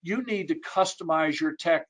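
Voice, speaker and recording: Measured man citing research figures. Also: fairly high pitch, a bit bright, poor audio. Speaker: industry analyst panelist. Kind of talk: webinar panel talk. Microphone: video call.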